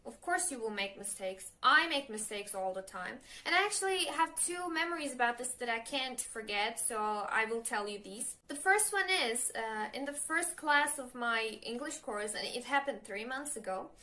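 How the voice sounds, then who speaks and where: Young woman, turkish accent, nervous first vlog, keeps saying uh and fixing herself, high voice. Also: expressive, pushed and bright. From Turkey. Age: young adult. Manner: chatty, halting, lots of fillers and self-corrections. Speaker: language learner vlogger. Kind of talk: casual advice vlog.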